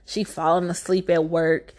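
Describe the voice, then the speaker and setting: A woman's voice: on the low side, flat delivery, unhurried, darkish tone. A woman giving a casual movie recap, sassy and exasperated, talking back to the filmmaker.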